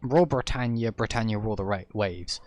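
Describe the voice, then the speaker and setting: A man's voice: lowish voice, moderate pace, a little mellow, no room sound, close to an everyday voice. A man putting on a mocking voice of a man who boasts about being slightly English and acts out British stereotypes.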